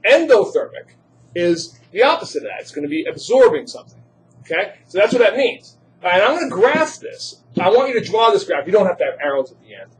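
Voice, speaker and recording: His voice sits high and swings widely in pitch as he moves briskly through a chemistry lecture. This high school teacher quizzes his students and throws in jokes along the way.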